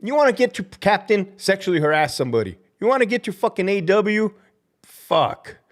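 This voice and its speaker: A man's voice: high voice, sing-song, moderate pace. A man, a former prison guard, ranting heatedly through viewer comments with constant swearing and bits of Spanish slang. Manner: drops Spanish slang into English. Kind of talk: livestream rant reading viewer comments.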